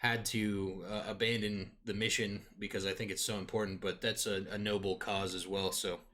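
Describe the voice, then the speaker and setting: A man's voice: lowish voice, level tone, moderate pace, a bit bright, slight background noise, natural voice. A man voicing a polite, fussy male village council leader who talks hesitantly and courteously. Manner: hesitant, courteous, full of hedges.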